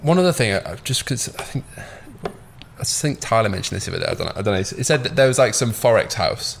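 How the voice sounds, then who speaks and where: A man hosting a podcast interview, asking questions and thinking out loud, with casual swearing. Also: fairly low pitch, animated, fast, gravelly, a little hiss or hum. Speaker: podcast host.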